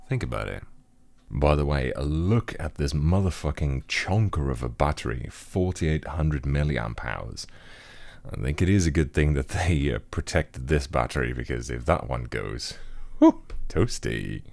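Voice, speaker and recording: A man's voice: rumbling low, lively intonation, moderate pace, creaky, a little mellow, dry recording. A man narrating a keyboard review in a crude, jokey way. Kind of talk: recorded product review.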